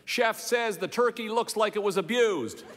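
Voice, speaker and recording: A wary, stiffly polite hotel manager, as a storyteller puts him on, asking everything back as a formal question. The voice sits high and carries a long hall echo. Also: male voice, moderate pace, background noise, lightly acted.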